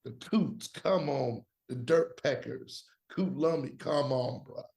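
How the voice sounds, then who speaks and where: A man's voice: mid-range voice, slow pace, vocal fry, darkish tone. A man co-hosting a sports podcast, giving his own college football rankings in emphatic, slangy, trash-talking casual chat.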